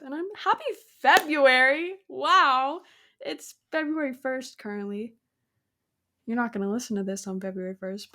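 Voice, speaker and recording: A young adult woman hosting a solo podcast, talking casually and upbeat about spirituality and surrender, acting out imagined conversations. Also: fairly high pitch. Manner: upbeat, spiritual, talks through imagined dialogues. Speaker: podcast host.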